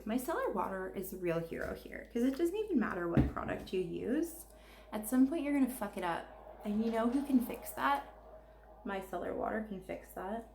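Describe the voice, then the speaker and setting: Woman makeup vlogger, casual and foul-mouthed, raspy fry, roomy echoing sound. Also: mid-range voice, a little mellow, a little hiss or hum. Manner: profane, ranting, rambling. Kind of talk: casual rambling chat while doing makeup.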